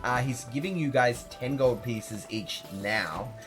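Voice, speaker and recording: A man narrating a tabletop game as game master, relaxed and full of fillers, with faint music behind. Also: medium pitch, takes it slowly. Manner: relaxed, hesitant, many fillers.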